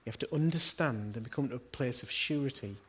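Man, middle-aged, pastor giving a sermon, earnest conversational preaching, rhetorical questions, slightly husky voice. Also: mid-range voice, fast talker.

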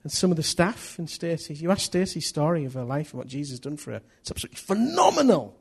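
A middle-aged pastor preaches a sermon full of animated storytelling, acting out little scenes of dialogue. He talks quickly in a husky voice that sits a little high.

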